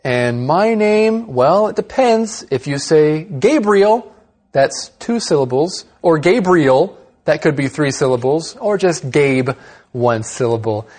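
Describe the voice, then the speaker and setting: A man's voice: a little high, expressive, a little slow, darkish tone. A man co-hosting an English lesson program, explaining words in an upbeat teacher's manner. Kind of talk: scripted educational chat.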